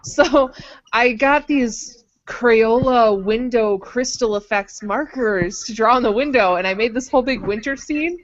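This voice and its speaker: A woman's voice: on the high side, a little slow. Giggly young woman telling a story. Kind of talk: casual storytelling chat. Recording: muffled lo-fi recording.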